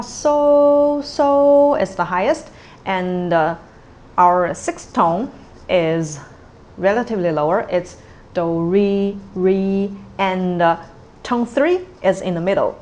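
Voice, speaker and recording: A woman teaching a pronunciation lesson, explaining patiently step by step with frequent "okay" and "uh". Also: fairly low pitch. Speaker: language teacher.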